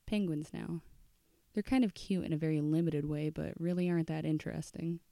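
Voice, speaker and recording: A woman reading a short story aloud in an unhurried storytelling manner. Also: deep voice, steady tone, creaky, dark tone, dry recording, studio quality. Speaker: audiobook reader. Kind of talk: storybook narration.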